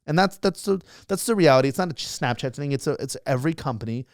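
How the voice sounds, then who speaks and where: A young man, a social media creator, telling a story as a guest in a casual interview, animated and acting out other people's lines. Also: a little high, no echo, clean studio sound. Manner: fast, animated storytelling, acts out quotes.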